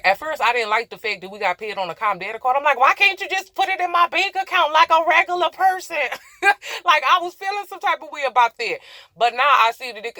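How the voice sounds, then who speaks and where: Rambling, bright-voiced woman trucker vlogging. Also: medium pitch, dry recording. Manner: rambling, laughing at herself, talking straight to viewers. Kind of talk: casual chatty explainer vlog. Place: inside a truck cab.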